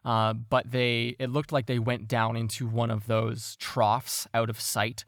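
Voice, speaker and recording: Man game master, gravelly, dry close sound, hesitant narration. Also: medium pitch, level tone, measured pace, a bit bright, no room sound. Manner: hesitant, many fillers and restarts.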